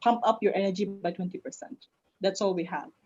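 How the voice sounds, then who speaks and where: A woman with a Malaysian accent, a public speaking coach answering questions in an online session, lively and laughing easily. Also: medium pitch, a little fast, breathy edge. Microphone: video call. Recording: lo-fi video call audio.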